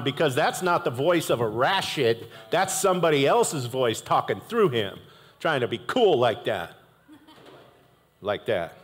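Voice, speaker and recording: An animated male pastor delivers a sermon, chatting with his congregation and cracking asides as he goes. His voice sits a little high and moves with lively swings. A long hall reverb trails behind every phrase. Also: moderate pace. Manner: animated and conversational, with jokey asides.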